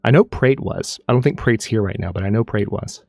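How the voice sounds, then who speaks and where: A man hosts his own live stream in loose casual chat, rambling along with frequent restarts. His voice sits somewhat low and sounds dry and close on the mic. Faint music runs under him. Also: brisk, creaky, a little mellow, dry recording. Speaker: streamer and channel host.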